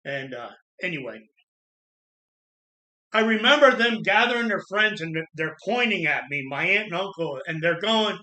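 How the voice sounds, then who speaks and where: A man from Florida telling his own life story in a halting, earnest way, with pauses and restarts. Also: high voice, expressive, sharp tone. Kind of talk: personal storytelling monologue. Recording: echoey room.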